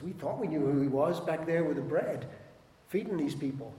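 Animated preaching man in an echoey hall. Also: on the high side, normal speed, slight background noise. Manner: animated, acts out quoted voices, swings loud and soft. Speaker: pastor. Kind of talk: sermon.

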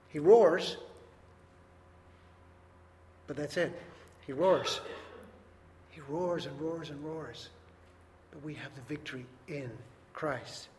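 A man preaching a sermon in a church hall, earnest and emphatic, rising loud and dropping soft. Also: fairly high pitch. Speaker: pastor. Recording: long reverb, faint background noise.

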